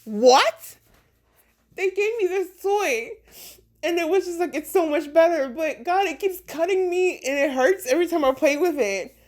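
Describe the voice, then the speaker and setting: A woman's voice: very high voice, animated, normal speed, a little mellow, voice pushed up. A woman putting on a voice for a panicked, stranded young woman who pleads and swears as she begs to be let into a car. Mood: distraught.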